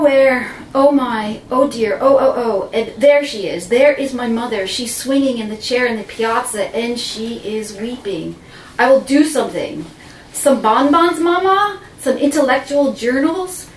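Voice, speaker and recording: A woman telling a dramatic first-person story, theatrical and swinging between breathless and hushed. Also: mid-range voice, slight background noise. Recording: roomy, distant mic with faint ambience.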